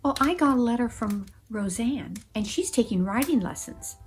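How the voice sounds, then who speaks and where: A woman telling a story in an expressive, animated way, acting out voices and gasps. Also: fairly high pitch, normal speed, a little hiss or hum. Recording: music playing behind.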